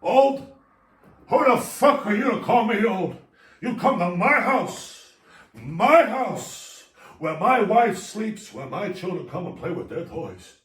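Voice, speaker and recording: A man's voice: very animated, slow, roomy sound, distant mic, exaggerated voice. A man doing a manic comedian patient. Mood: indignant. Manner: frantic, loud, jumping pitch and pace between put-on voices. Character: manic male comedian lurching between impressions.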